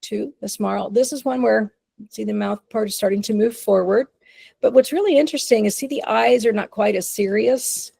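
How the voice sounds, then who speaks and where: A woman's voice: fairly high pitch, moderate pace, vocal fry, mellow, breathy edge, no room sound. A woman giving an informal webinar presentation on dog behavior in a chatty, easygoing way, with frequent fillers and light laughs.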